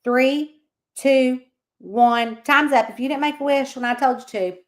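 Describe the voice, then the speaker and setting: A woman's voice: sits high, a little slow. Chatty woman greeting viewers. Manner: chatty, reads out viewer comments and greets them by name. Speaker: livestream host. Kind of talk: casual livestream chat.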